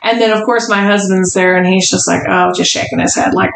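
A woman's voice: mid-range voice, fairly even intonation, brisk, vocal fry, noisy background. A woman on a casual podcast, telling a long story and acting out the other people's lines. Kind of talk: casual chat. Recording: roomy echo.

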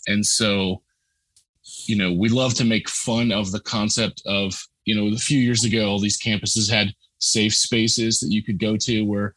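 A man's voice: lowish voice, flat delivery, unhurried, fairly bright tone, dry recording. A man hosting a podcast, talking earnestly and conversationally, with many fillers. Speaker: podcast host. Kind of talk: casual conversation.

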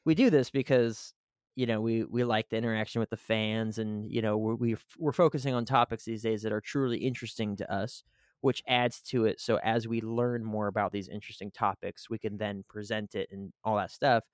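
A man's voice: on the low side, steady tone, a little fast, smooth, no room sound, studio quality. A man co-hosting a podcast, chatting casually and rambling with lots of "you know" and "like". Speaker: podcast co-host.

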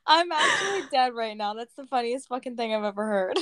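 A young woman co-hosting a podcast in casual chat, lively and swearing freely as she laughs. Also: a little high, a little fast, no room sound, clean studio sound. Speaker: podcast co-host.

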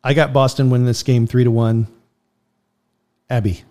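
A man's voice: mid-range voice, little pitch movement, moderate pace, dark tone. A middle-aged man hosting a casual hockey picks chat, running through each game in a laid-back way. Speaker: host.

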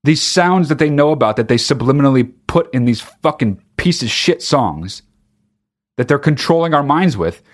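A man's voice: mid-range voice, animated, normal speed. A man delivering a profane, exasperated comic rant, breaking into mock sung bits. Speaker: comedian. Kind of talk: stand-up style comic rant.

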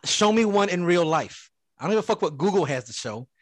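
Lively profane man on a podcast. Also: high-pitched, fairly quick. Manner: profane, laughing, insistent. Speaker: podcast co-host. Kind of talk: casual chat.

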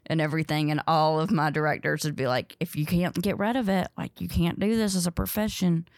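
Animated young woman telling stories. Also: deep voice, fairly quick, no room sound, clean studio sound. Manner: animated storyteller, acts out quotes, laughs often. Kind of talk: casual storytelling chat.

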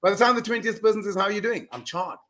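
A middle-aged man speaking as a guest on an interview podcast. He talks in an emphatic, earnest way, with quick restarts and repeated words. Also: high voice, a bit bright, a little hiss or hum. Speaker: guest speaker on mind power. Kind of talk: animated storytelling in a podcast interview.

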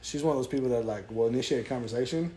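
A man's voice: mid-range voice, slight background noise. A young man with a Southern US accent, telling stories in a casual podcast chat and acting out the people in them. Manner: fast-talking storyteller, animated quoting. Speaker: podcast guest.

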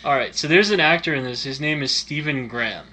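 A man's voice: on the high side, fairly quick, sharp tone. A man co-hosting a casual movie chat, giving dry, teasing, opinionated takes. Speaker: podcast co-host.

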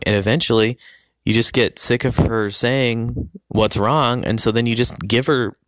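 A man casually telling a personal story about his family, halting with many ums and restarts. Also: mid-range voice, fairly even intonation, a bit bright, no room sound, studio quality.

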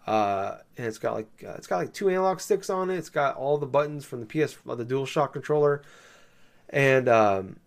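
Man, casual chat, rambling, lots of fillers, mid pitch. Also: expressive, brisk, creaky. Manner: rambling, lots of "like", swears, laughs.

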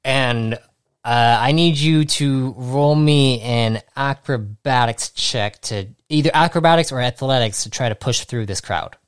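Male game master, mid-range voice, halting narration, dry recording. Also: medium pitch, clean tone, no room sound. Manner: halting, restarts often, laughs easily.

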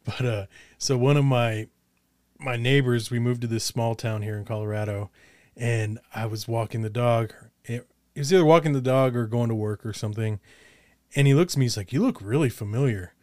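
A man's voice: mid-range voice, steady tone, normal speed, darkish tone, no echo, studio quality. A man hosting a podcast over a remote call, telling stories casually with plenty of fillers. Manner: chatty storyteller, many fillers. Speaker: podcast host. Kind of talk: casual conversation. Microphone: remote podcast setup.

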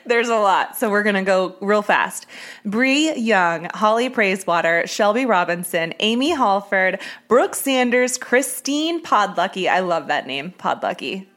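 A woman's voice: mid-range voice, animated, fairly bright tone. A woman hosting a true-crime podcast, chatting casually and storytelling with a few ums. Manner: chatty, reads names quickly with filler ums. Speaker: podcast host.

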